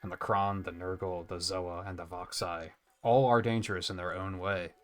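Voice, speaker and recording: A man's voice: deep voice, fairly even intonation, normal speed, natural voice. A man reading aloud the lines of a weary exiled clan survivor in a video game, in a plain, thoughtful tone. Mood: reflective.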